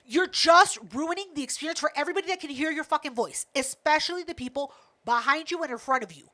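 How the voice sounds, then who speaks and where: A woman co-hosting a podcast, telling a story in a casual, animated rant full of swearing. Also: high voice, quick pace. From United States. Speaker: podcast co-host. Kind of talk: casual chat.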